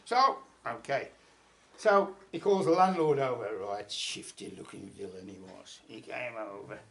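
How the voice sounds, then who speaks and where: A man's voice: mid-range voice, unhurried, gravelly. A man telling a folk tale aloud at a folk club, in a chatty manner with asides. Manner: chatty, lively storytelling with asides.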